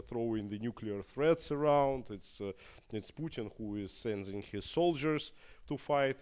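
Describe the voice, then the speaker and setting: A Russian man whose first language is Russian, answering audience questions in English at a live talk in a halting way, with many fillers and restarts. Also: fairly low pitch, a little mellow. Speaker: opposition politician guest.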